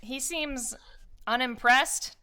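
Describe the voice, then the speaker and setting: A woman narrates a tabletop game as dungeon master, chatty and hesitant. Her voice is bright and crisp. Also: sits high, slow pace. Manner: chatty, laughing, hesitant with fillers.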